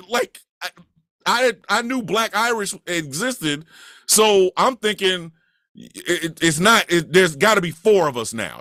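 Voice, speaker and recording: A high-pitched podcast storyteller from Kansas City, USA, tells a profane comedic story, his pitch swinging widely. Bright and forceful, he acts out each character's lines and occasionally shouts, recorded dry and close with almost no room echo.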